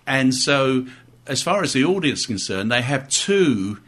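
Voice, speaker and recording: Bright voiced guy chatting on local radio, keeps restarting his sentences, studio mic. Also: mid-range voice, very animated, measured pace. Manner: chatty, with frequent restarts and fillers. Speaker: guest, amateur operatic society member. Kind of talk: casual radio interview.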